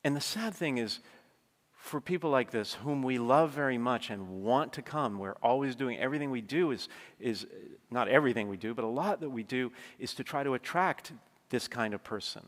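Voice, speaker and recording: Male preacher, mid-pitched, chatty storytelling sermon style, recorded with long hall reverb. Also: animated, moderate pace. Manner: conversational storytelling, frequent asides to the congregation. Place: large church.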